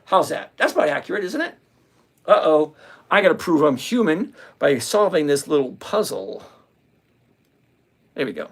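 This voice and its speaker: Very animated and slightly rough, the medium-pitched voice moves at a moderate pace as the host discusses covered calls on a stock options livestream. Viewers get greeted by name between jokes in the relaxed chat.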